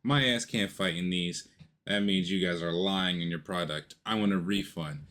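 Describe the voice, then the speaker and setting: A man briefly voicing an indignant young woman thief, complaining in a rapid, huffy way. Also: deep voice, fairly bright tone, voice pushed down.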